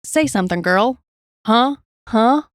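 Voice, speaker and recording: A woman's voice: fairly high pitch, a little slow, no echo, clean studio sound, voice pushed up. Woman reading as a taunting male abductor. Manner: flat reading of a transcript, little character.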